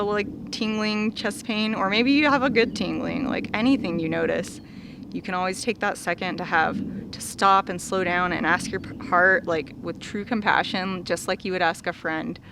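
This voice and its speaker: A woman hosting a vlog, giving a casual, chatty self-help talk, often saying "like" and laughing softly. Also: medium pitch, noisy background. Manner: chatty, heavy use of "like", soft laughs. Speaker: vlog host.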